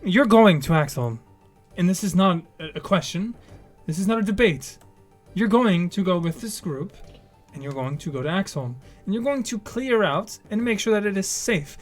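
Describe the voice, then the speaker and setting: A stern woman leader, short-tempered and commanding, issuing orders and threats, as a man plays her in a tabletop game. The voice is a touch high, with faint music underneath. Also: lively intonation, moderate pace, natural voice.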